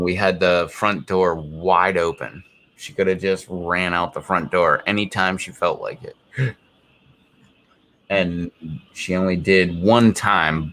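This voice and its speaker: A man's voice: low voice, fairly bright tone. A man chatting casually on a live stream from his home, rambling through a story with lots of fillers. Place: home, indoors.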